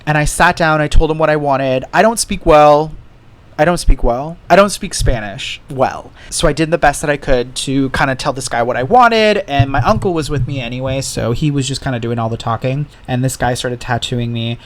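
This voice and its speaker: A man's voice: mid-range voice, a little fast, hardly any pauses, a bit bright. A man hosting a podcast alone, telling candid stories in casual chat and swearing freely. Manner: candid storytelling, heavy swearing. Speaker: podcast host.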